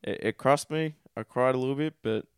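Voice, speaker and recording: A man's voice: medium pitch, fairly quick, smooth, no room sound, clean studio sound. A man with an Australian accent, a podcast guest telling his story in a candid, crude and self-deprecating way.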